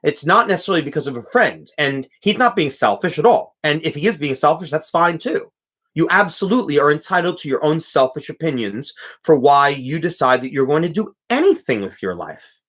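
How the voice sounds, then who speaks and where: A man's voice: on the high side, expressive, a little fast, a bit bright. A young man, a music teacher, hosting a live stream, reading chat comments aloud and talking casually with many restarts and fillers.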